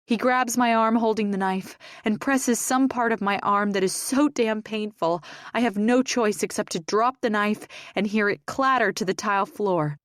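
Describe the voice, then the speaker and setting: A woman's voice: medium pitch, moderate pace, dry recording. A woman reading a first-person romance audiobook in a tense, emotional way, close to the mic. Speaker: audiobook narrator.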